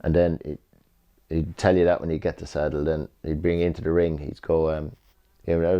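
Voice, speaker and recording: A man's voice: extremely low pitch, flat delivery, brisk, lo-fi sound. A middle-aged Irish man, a retired jockey, rambling through memories in a casual interview, repeating himself and swearing freely. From Ireland.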